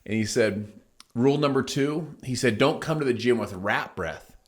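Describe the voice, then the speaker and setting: A man's voice: medium pitch, normal speed. A middle-aged man hosting his own show, telling a motivational story in an emphatic way and acting out the people he quotes. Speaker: host. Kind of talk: motivational monologue.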